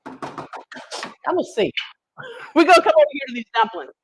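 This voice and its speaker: A woman's voice: high voice, animated, moderate pace, a little hiss or hum, poor audio. A woman hosting a live cooking stream, chatty and folksy, talking straight to her viewers with teasing asides. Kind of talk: casual live cooking demonstration.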